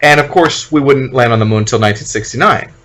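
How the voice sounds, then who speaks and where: A man co-hosting a podcast, chatting casually. He stops and starts a lot with ums and restarts, then gives his opinions bluntly. His voice sits at an ordinary pitch for a man. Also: fast, a bit bright. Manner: hesitant, many ums, blunt and critical. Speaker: podcast co-host. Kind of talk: casual chat.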